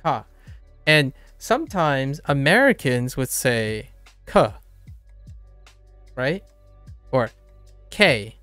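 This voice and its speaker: A man's voice: mid-range voice, big pitch swings, extremely slow, pauses often, sharp tone, clear, resonant tone, dry recording, faint music behind. A man streaming a casual lesson on Japanese sounds, rambling, correcting himself and laughing often. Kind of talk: casual live-stream explanation.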